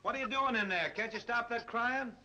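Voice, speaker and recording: An actor playing a good-natured young cab driver with a relaxed, teasing, coaxing way of talking. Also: male voice, extremely high pitch, fairly quick, very noisy. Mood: easygoing. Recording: dull old film soundtrack with music.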